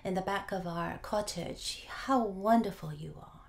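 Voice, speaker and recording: A woman's voice: medium pitch, a little slow, gravelly. A woman preacher voicing a loving peasant wife who gushes with delighted praise for her husband. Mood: adoring.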